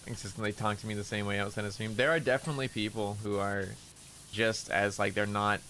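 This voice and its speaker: A man streaming and chatting casually while playing, in a relaxed, low-effort way with frequent restarts. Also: brisk, a little hiss or hum, poor audio.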